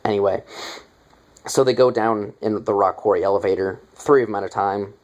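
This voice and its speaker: A man's voice: fairly low pitch, fairly even intonation, a little fast, a little mellow, dull audio. A young man casually retelling a movie's plot in a review, rambling with lots of fillers and offhand asides.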